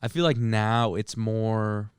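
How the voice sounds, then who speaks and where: A young man, a podcast co-host, telling a story in casual chat among friends, animated, with filler words and swearing. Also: fairly low pitch, slow pace, smooth, no room sound, studio quality.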